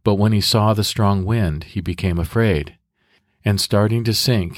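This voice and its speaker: Deep-voiced man leading calm guided prayer. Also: dry recording, clean studio sound. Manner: calm, measured, instructive pacing. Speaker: devotional podcast host. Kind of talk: guided prayer and scripture meditation.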